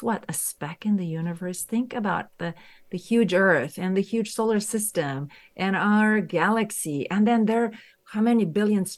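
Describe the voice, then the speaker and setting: A woman from Romania, a guest doctor on a podcast, talking earnestly and emphatically about faith and psychology. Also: medium pitch. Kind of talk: casual interview talk.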